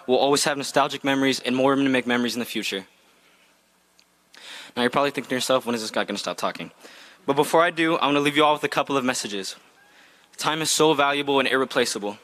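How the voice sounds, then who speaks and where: A young man graduating from school delivers an earnest, heartfelt commencement speech from a script at an outdoor ceremony. His voice sits in the mid-range and has a slightly bright quality.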